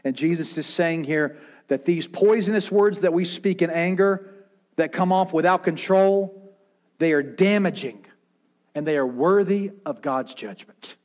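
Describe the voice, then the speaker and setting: High-voiced preaching pastor, man. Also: a little slow. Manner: preaching with rising intensity and dramatic quiet drops; acts out quoted voices in his retelling. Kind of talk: sermon.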